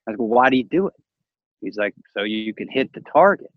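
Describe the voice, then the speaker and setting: A man's voice: on the low side, quick pace, no room sound, lo-fi sound. A man casually telling a story, acting out the voices of the people in it and laughing often. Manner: animated, acts out quoted voices, laughs often.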